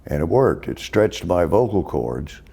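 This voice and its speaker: Deep, mellow older man. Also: sing-song, gravelly, breathy edge. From Texas. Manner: folksy, unhurried storytelling. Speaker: host. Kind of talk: casual chat.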